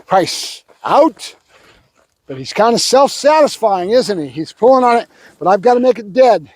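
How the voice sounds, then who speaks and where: Man, dog trainer, high voice, clipped firm commands, calm explaining between drills. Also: normal speed, dry recording.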